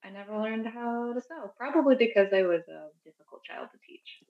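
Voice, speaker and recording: A woman's voice: a little high, lively intonation, a little fast, dull audio. A woman co-hosting a podcast in casual chat, rambling with fillers as she shares news. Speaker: podcast co-host.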